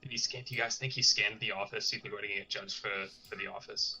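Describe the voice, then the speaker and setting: A man playing in a tabletop game, asking quick questions in casual chat. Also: lowish voice, steady tone, gravelly, pushed and bright, soft background music, poor audio. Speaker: player.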